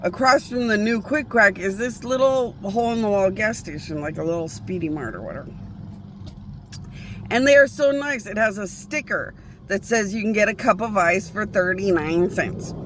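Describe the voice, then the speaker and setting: A woman's voice: mid-range voice, animated, normal speed, a bit bright, a little hiss or hum. A woman vlogging a casual, rambling monologue, profane and often breaking off to restart her sentences.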